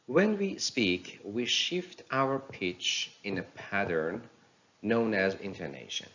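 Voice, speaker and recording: Slow, lively-pitched male teacher, lo-fi. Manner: slow, deliberate explaining with exaggerated demo intonation. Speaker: pronunciation teacher. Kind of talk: recorded lesson.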